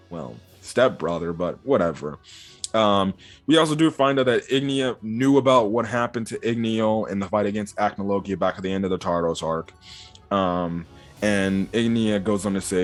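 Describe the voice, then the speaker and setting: A man with a lowish voice gives a casual, rambling recap of a comic chapter. He leans on fillers and drops into quick voiced quotes of the characters. Soft music plays faintly underneath. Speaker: manga reviewer. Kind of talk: casual video commentary.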